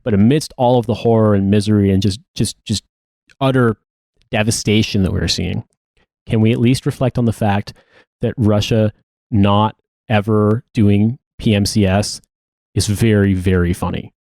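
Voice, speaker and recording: Low-voiced man co-hosting, dry close sound. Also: moderate pace, dry recording. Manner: animated, profane, laughs often. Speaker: podcast co-host. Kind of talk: casual chat.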